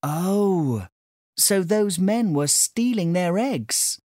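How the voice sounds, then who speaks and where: A woman voicing a curious young boy visitor, pitched up, slow and wide-eyed. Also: very animated, darkish tone, no echo, studio quality. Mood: surprised.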